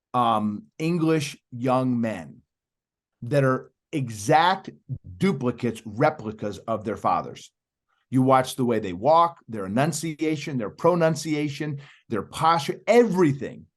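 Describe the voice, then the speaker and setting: A man's voice: mid-range voice, lively intonation, slow. A middle-aged man speaking emphatically as a podcast guest, persuading the host and calling him by name. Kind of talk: animated interview talk.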